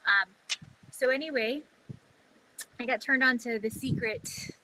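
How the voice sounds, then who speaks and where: A woman's voice: on the high side, unhurried, noisy background. A woman telling a personal story in a chatty, casual way, full of fillers, acting out her own past thoughts.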